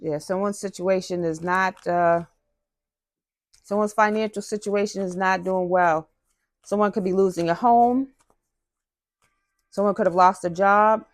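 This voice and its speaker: A woman reading cards for her channel in a casual, chatty way, with slang in her talk. Her voice sits at a middle pitch. It sounds dry and close, with no room echo. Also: steady tone, unhurried, long pauses. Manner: chatty, drops into slang, talks to viewers directly. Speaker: tarot reader. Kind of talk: casual spiritual card reading.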